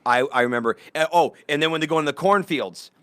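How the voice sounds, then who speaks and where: A man in his forties, a comedian guest in a casual podcast chat, telling stories in a profane, animated way. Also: on the high side, fast talker, a little hiss or hum. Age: 40s.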